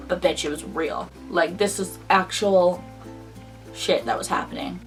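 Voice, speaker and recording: A woman's voice: on the low side, a little slow, recorded from a distance, soft background music. Fired-up young woman telling a story. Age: early 20s. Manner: animated, indignant, swears freely. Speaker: vlogger. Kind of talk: casual storytime.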